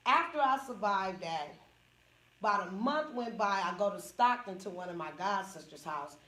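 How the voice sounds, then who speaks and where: A comedian and support group speaker with a Northern California accent tells a small group a frank personal story, laughing often and acting out what people said. Her mid-range voice is a bit bright, lively in intonation, and moderately paced, recorded far from the mic in an echoey room.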